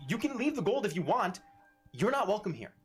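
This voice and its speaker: A man's voice: high-pitched, sing-song, a little fast, faint music behind, pitched above the performer's own voice. Fields: man voicing a furious female tavern keeper. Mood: curt. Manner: curt, swearing, clipped. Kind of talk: game master voicing a character.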